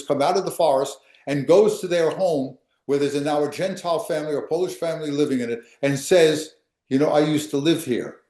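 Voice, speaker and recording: A man's voice: a little high, a little mellow, echoey room. An older man, a history professor, lecturing emphatically and answering questions, often repeating and restarting phrases.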